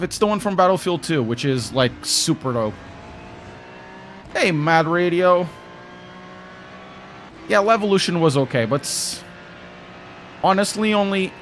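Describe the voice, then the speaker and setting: Chatty Portuguese-accented racing streamer. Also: male voice, a little high, animated, measured pace, long pauses, slight background noise. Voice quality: chatty, reacts to chat, wry. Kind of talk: casual livestream commentary while racing.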